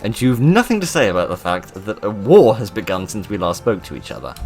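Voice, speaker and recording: Deep-voiced excitable man. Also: moderate pace, creaky, few pauses, faint music behind. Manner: self-mocking, excitable, reads game dialogue aloud. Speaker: gaming video host. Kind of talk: let's play commentary.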